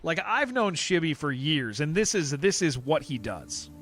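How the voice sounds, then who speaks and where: A man's voice: on the high side, sing-song, measured pace, a bit bright. A man live-streaming a game, chatting casually to viewers in a rambling way, often repeating himself and answering chat. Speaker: livestreamer playing an online game.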